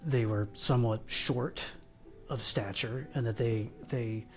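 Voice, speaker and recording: A man playing a slow, hulking bounty hunter spins a meandering tale at the table, voice in a middle register, stumbling and restarting as he goes. Faint music plays underneath. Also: medium pitch. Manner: rambling, halting delivery with restarts. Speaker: player. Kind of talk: in-character storytelling at a tabletop game.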